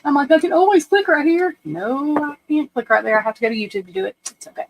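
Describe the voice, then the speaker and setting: A woman's voice: sits high, expressive, quick pace, slight background noise, poor audio. A woman, hosting a casual livestream at home, chatty and self-deprecating, talking to viewers and her computer. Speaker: livestream host.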